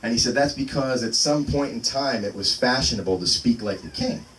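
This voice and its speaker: Loud room noise and a distant mic capture a man in his thirties doing open mic stand-up at a small venue. His voice is medium-pitched and brisk, and he rambles, breaking into his own lines with fillers.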